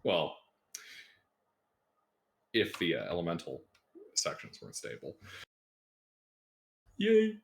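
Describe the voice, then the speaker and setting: A man's voice: rumbling low, expressive, measured pace, vocal fry, pauses often, fairly bright tone, a little hiss or hum. A man running a tabletop game as game master, in an easygoing way.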